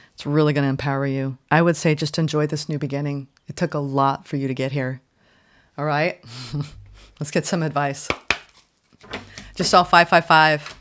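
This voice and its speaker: Woman reading tarot cards, chatty and emphatic, says "right?" and "like" a lot, goes from loud bursts to quiet murmurs. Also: low voice. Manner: expressive, emphatic, swings between loud exclamations and soft murmurs. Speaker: tarot reader. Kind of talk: casual spoken tarot reading.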